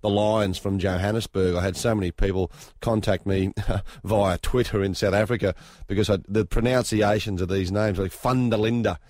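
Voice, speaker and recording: A man's voice: fairly low pitch, steady tone, moderate pace, hardly any pauses, a little mellow, dry recording. An Australian man, a rugby pundit on radio, easygoing and laughing often. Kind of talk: casual radio chat.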